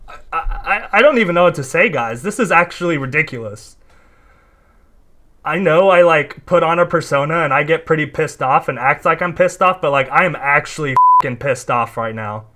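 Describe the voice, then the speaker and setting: A young man with a high voice delivers heated reaction commentary. He rants in disbelief, swears freely and keeps tagging "dude" onto his lines. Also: lively intonation, normal speed, pushed and bright. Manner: exasperated, ranting, swearing, repeats "dude". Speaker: commentary YouTuber reacting to clips.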